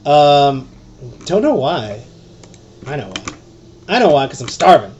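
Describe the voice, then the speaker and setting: A man hosting a solo fantasy basketball podcast, rambling and excitable, with lots of fillers and some swearing. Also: on the high side, measured pace, dull audio, a little hiss or hum.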